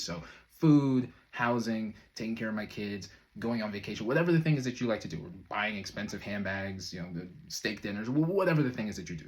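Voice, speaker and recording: A man's voice: fairly low pitch, lively intonation, fast talker, few pauses. A man speaking as a manifestation coach in a loose, conversational way, full of fillers and brief chuckles. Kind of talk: casual motivational talk to camera.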